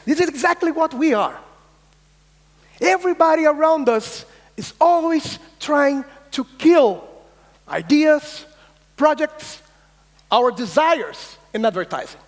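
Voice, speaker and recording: High-voiced man keynoting in a reverberant hall. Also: slow, long pauses. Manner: energetic, insistent, swears, acts out quoted voices. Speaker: keynote speaker. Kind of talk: conference keynote talk. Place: large conference hall.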